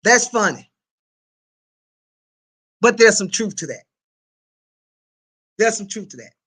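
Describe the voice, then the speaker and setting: A woman with a husky, mid-range voice speaks slowly while hosting a casual livestream. She reads viewer comments aloud and chats animatedly and colloquially, often laughing and repeating things. The recording is of low quality.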